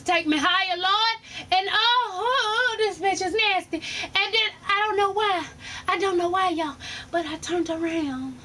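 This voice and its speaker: A woman vlogger telling a profane, animated story in a casual storytime rant, laughing as she goes. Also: extremely high pitch, a little hiss or hum.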